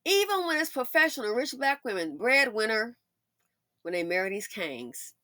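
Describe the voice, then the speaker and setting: A woman delivers opinionated celebrity commentary with sass and mocking asides. Her pitch rises and falls in a lively way, sitting a bit high, and the recording is close and dry. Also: moderate pace, dry recording. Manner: sassy, emphatic, mocking asides. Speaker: commentary channel host.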